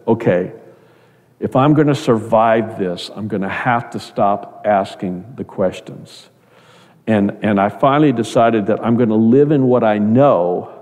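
A man's voice: darkish tone, big-room sound. A middle-aged man preaching a sermon in an earnest, repeating way. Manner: earnest, repeats words, rises in pitch when quoting others. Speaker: pastor.

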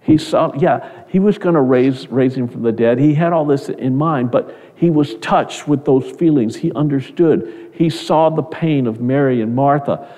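A man's voice: mid-range voice, normal speed, hardly any pauses, dark tone, big-room sound. A man preaching a sermon in an earnest, conversational way, often repeating words as he goes.

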